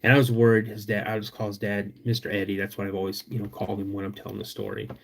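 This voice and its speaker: A young man with a drawl tells a story on his podcast. He stretches out the tense moments, then jumps into sudden loud bursts as he relives what he saw. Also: lowish voice, completely flat delivery, fast, gravelly, a little hiss or hum. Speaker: podcast host.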